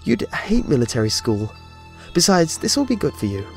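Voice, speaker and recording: A man's voice: on the high side, huge pitch swings, moderate pace, vocal fry, faint music behind, voice pushed up, full character voice. A man doing a sickly sweet sinister caseworker. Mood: falsely sweet. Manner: falsely soothing, sing-song.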